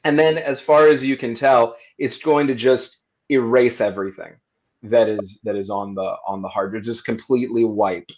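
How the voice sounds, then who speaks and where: A man narrating his character's actions in a tabletop role-playing stream, halting with many fillers and restarts. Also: mid-range voice, fairly even intonation, a little mellow, dull audio. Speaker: player.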